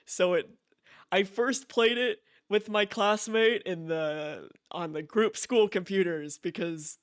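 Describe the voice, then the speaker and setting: A young man streaming live from home, gushing and excited, repeating himself and laughing often. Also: sits high, smooth, dry recording, studio quality. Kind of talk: casual live-stream chat.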